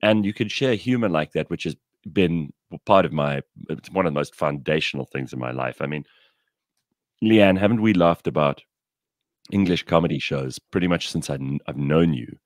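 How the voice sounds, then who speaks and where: A man's voice: extremely low pitch, moderate pace, no echo, clean studio sound. A man telling blunt, irreverent stories in a casual chat. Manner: animated storyteller, blunt and irreverent. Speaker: podcast co-host.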